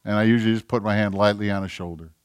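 Man, pastor, sermon, hushed asides turning emphatic, dry close sound. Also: on the low side, steady tone, racing, clean tone, no room sound.

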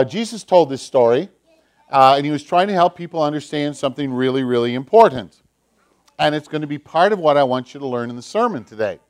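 Man telling a children's sermon story. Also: on the high side. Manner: animated, emphatic storytelling to kids. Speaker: pastor.

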